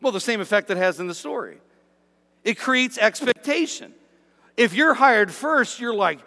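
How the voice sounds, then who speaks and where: Animated preacher man in a reverberant hall. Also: extremely high pitch, moderate pace. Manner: animated, acts out grumbling workers in asides. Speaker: pastor. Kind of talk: sermon.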